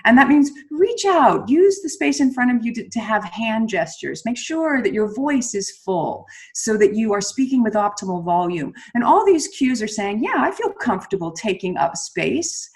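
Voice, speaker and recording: A middle-aged woman, a communication coach, explaining calmly in an interview and ending her statements on a downward tone. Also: a little high. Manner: measured, explanatory, ends statements with downward inflections. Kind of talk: conversational interview.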